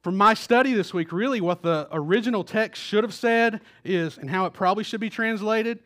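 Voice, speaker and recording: High-voiced man preaching a casual sermon. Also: a little fast, a bit bright. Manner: casual storytelling preacher, acts out quotes, repeats words. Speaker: pastor. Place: church auditorium. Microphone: stage microphone.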